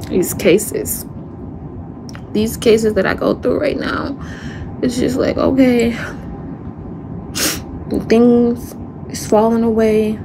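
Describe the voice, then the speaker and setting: An upset woman talking through an emotional livestream monologue, her voice sitting fairly high. She speaks slowly and haltingly, repeating her words and drifting off into sighs. A faint hiss of noise sits under her voice. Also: steady tone. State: upset and distressed.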